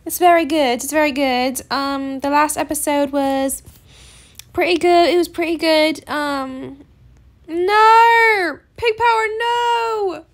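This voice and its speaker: Casual gaming host: young woman, unhurried and hesitant, gravelly edges. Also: sits high, steady tone. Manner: rambling, hesitant, lots of fillers. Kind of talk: casual gameplay chat.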